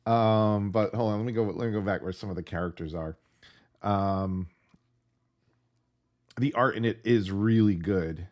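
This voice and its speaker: Male home reviewer, deep, chatty, excited, rambles with fillers; dry close sound. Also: no echo. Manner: rambling and enthusiastic, with many fillers. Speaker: tabletop game reviewer. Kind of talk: casual video review. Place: at home with his dog nearby.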